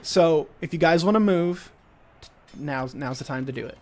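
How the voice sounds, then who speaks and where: A man's voice: on the high side, normal speed. Casual young man running a tabletop game. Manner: casual, hesitant with many fillers. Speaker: game master.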